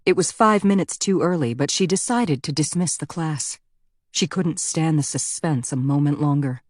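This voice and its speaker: Low-voiced woman narrating an audiobook. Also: normal speed, a little mellow, no echo, clean studio sound.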